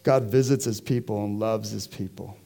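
A man's voice: on the low side, fairly even intonation, normal speed, vocal fry, mellow, slightly rough. A man preaching a sermon to his congregation in a conversational way, often putting questions to the listeners. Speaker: pastor. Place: church.

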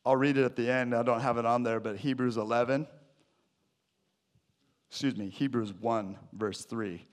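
Male pastor, lively jokey sermon delivery, sudden loud bursts, mid-pitched voice. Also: normal speed, pauses often.

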